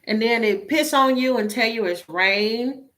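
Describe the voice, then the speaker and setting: Weary, blunt woman with a higher voice. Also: unhurried, a bit bright. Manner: weary, exasperated and blunt, with swearing. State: emotionally drained. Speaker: tarot reader. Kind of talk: casual monologue to viewers.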